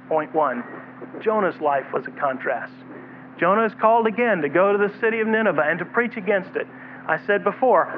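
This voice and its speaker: A man preaching a sermon, retelling a scripture story and voicing its figures. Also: high voice. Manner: preaching with acted quotes of God and Jonah. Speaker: pastor. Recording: tinny phone-like broadcast with faint hiss.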